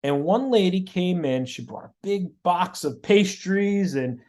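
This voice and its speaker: A man, a guest on an interview show, tells his stories in an animated way and often repeats words and restarts mid-sentence. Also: sits high, measured pace. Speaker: guest, auto body shop owner. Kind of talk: storytelling in a podcast interview.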